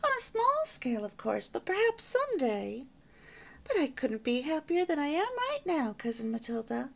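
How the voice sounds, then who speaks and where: A bright, chatty young bride in an old-fashioned storybook, her voice rising and falling with lively pride, as a woman reads her. The tone is a touch gravelly at the edges, eager and sweet. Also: high voice, moderate pace, full character voice. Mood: proud, chatty. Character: cheerful young newlywed housewife, proud homemaker.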